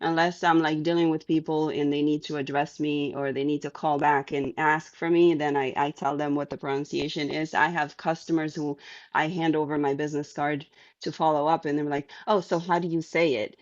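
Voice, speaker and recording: A woman's voice: low voice, little pitch movement, a little fast, no room sound, lo-fi sound. A young woman who is a guest on a podcast, chatting casually, laughing often and mimicking other people's voices. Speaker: podcast guest, sales strategist.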